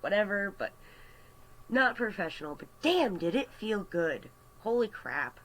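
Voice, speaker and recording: A man telling a story on a casual vlog, animated and chatty with lots of fillers, into a computer mic. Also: high-pitched, a little slow, poor audio. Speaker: artist vlogger. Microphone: webcam or computer mic.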